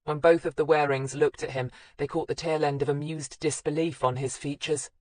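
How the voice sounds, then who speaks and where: A woman narrating a crime audiobook in a measured, even reading. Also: deep voice, dry recording. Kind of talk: scripted narration.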